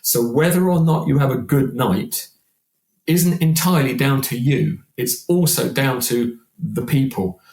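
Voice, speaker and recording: A man in his sixties, a singer guesting on a podcast, talking in an animated, chatty way and often repeating words. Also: medium pitch, unhurried. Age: 60s. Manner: animated, chatty, repeats words while acting out quoted voices. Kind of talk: casual podcast conversation. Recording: roomy echo.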